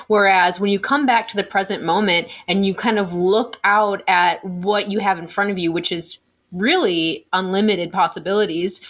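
A woman's voice: medium pitch, fairly bright tone. A young woman hosting a casual podcast conversation, talking in a thoughtful, reflective way and asking questions.

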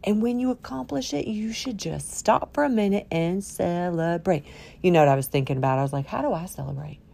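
A woman hosting a solo podcast in a playful, quirky way, swinging from loud cheer to a near-whisper. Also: fairly low pitch, a little fast, creaky. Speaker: podcast host. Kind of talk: upbeat solo podcast talk.

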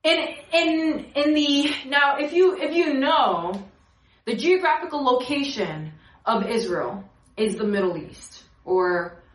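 Young woman, preacher, casual sermon, animated storytelling, slightly high voice, roomy echo. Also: slow pace.

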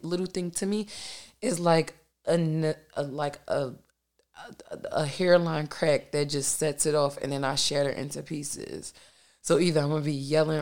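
A woman in her thirties hosts a casual solo podcast from home, speaking in a low, gravelly voice. She is loud and boisterous, candid and profane, and fills her speech with "like". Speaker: podcast host. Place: at home at her dining room table.

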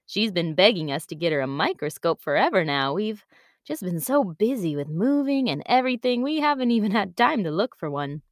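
A woman's voice: mid-range voice, very animated, brisk, no room sound, clean studio sound. A woman voicing a friendly, polite young mother in a storybook.

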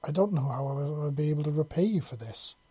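A reader voicing a shy young male winged creature who stammers and repeats words timidly, in a husky, mellow voice. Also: mid-range voice, a little slow.

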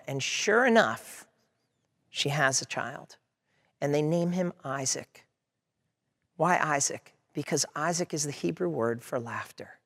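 A man's voice: a little high, unhurried, a bit bright. A man preaching as a pastor, earnestly voicing the prayers and objections of his listeners as he goes. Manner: earnest preaching, quotes prayers and hecklers aloud. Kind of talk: sermon. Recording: long hall reverb.

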